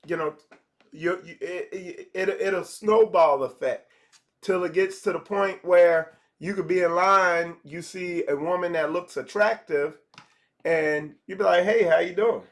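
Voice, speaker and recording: High-voiced man teaching casually. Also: a little slow. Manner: conversational, repeats phrases, acts out dialogues. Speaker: spiritual teacher.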